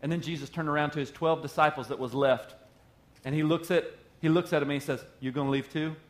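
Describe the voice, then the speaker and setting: A man's voice: on the high side, fairly even intonation, fast talker. A male pastor preaching a sermon in a conversational, joking way. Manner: conversational and joking, acting out quotes.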